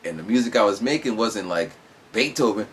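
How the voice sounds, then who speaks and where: Lively low-voiced man telling his story. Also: a little fast, slight background noise. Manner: animated, acts out voices of others. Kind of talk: casual storytelling.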